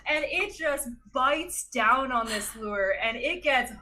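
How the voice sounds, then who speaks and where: Woman guest on a podcast, chatty n animated, kinda high voice. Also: takes it slowly. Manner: animated, chatty, frequent laughs and fillers. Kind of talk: casual storytelling in a chat.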